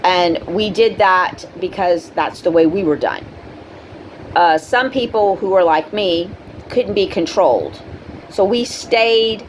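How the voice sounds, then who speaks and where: A woman's voice: a little hiss or hum, rough recording. A middle-aged woman hosting a spiritual video, talking earnestly and conversationally with fillers and asides. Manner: acts out quoted people in a high voice. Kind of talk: casual spoken monologue to camera.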